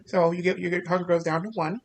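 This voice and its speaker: A man narrating a tabletop game as game master, casual and halting with many fillers. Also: high voice, level tone.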